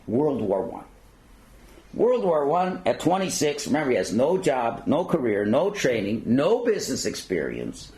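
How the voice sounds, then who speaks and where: A man's voice: medium pitch, huge pitch swings, unhurried, a little mellow, poor audio. A man lecturing at a synagogue learning centre, reading passages aloud and then commenting in his own words with fillers. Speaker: rabbi lecturer.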